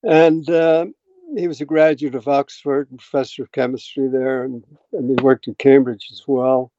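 Older man, from Ireland, eighties, mellow dark voice, rambling anecdotes, dry muffled recording. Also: mid-range voice, flat delivery, normal speed, no echo. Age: 80s. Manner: rambling, anecdotal, frequent ums and throat clearing. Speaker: guest scientist. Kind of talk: relaxed storytelling.

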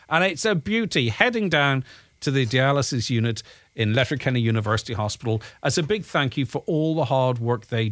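On his radio show, a man with a Donegal Irish accent chats casually and reads out messages from listeners, filling his talk with plenty of ums and uhs. His voice is medium-pitched and fairly bright, and the recording has no room sound.

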